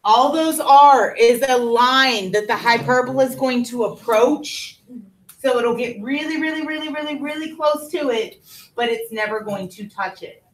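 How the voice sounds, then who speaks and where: A woman's voice: on the high side, moderate pace, a little hiss or hum, poor audio. A woman teaching a math class in a classroom, explaining step by step and checking in with her students.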